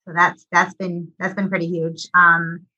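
A woman's voice: fairly low pitch, flat delivery, a little slow, pushed and bright, muffled recording. A middle-aged woman, a union business agent, talking casually in an interview with many ums and restarts.

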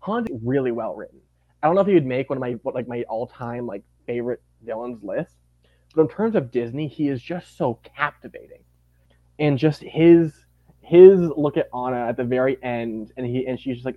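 A man talking as a podcast guest in casual chat, animated and gushing, acting out quotes. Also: mid-range voice, moderate pace, no room sound, dull audio.

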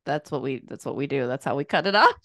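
A woman's voice: very deep voice, expressive, fast talker, a bit bright, no echo, clean studio sound. A woman co-hosting a podcast, teasing her co-host and telling funny side stories. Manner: teasing, playful storyteller. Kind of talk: casual chat.

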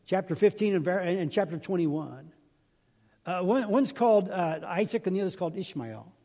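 High-voiced older pastor in a reverberant hall. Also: male voice, lively intonation, moderate pace, warm tone. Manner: chatty, self-deprecating storyteller, acts out voices in jokes. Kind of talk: folksy sermon with jokes. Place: church sanctuary.

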